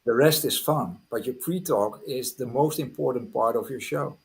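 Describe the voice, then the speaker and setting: Man, hypnotist, husky, earnest, direct, video call mic. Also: medium pitch, moderate pace. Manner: earnest, direct, giving advice. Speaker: guest hypnotist. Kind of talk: podcast advice talk and guided hypnosis.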